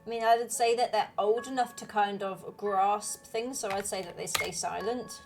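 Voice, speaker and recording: A woman's voice: medium pitch, steady tone, moderate pace, hardly any pauses, faint music behind. A woman hosting a gaming channel, talking through a story game in a thoughtful, speculative way. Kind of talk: game commentary.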